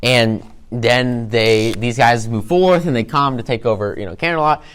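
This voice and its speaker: Brief: male presenter, smooth clear voice, mid pitch, loose excited recap with lots of fillers. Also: moderate pace. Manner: excited, filler-heavy retelling with many "like"s and "um"s. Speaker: presenter recapping a cartoon episode. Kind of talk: casual rambling recap.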